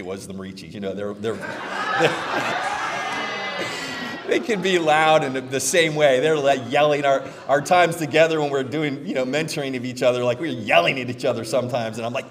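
A middle-aged man preaching a sermon as pastor, conversational and animated, often checking in with "right?". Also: mid-range voice, moderate pace, long reverb tail, slight background noise.

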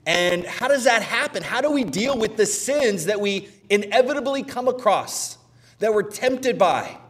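Animated middle-aged male pastor preaching. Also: high voice, measured pace, big-room sound. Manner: animated and conversational, often asking "right?". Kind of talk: sermon.

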